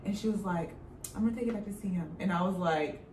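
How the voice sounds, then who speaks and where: A woman's voice: medium pitch, fast, a little mellow. A young woman co-hosting a podcast who tells a personal story in a casual, conversational way. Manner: conversational, retelling events and acting out the voices of the people in them. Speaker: podcast co-host. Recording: echoey room, mic at a distance, faint noise.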